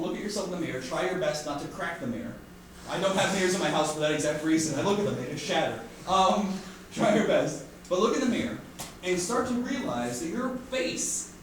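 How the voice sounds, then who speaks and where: Animated jokey man teaching in echoey classroom. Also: high voice. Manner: jokey, animated, keeps asking "right?". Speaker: art teacher. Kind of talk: classroom lecture. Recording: echoey room from far off with faint noise.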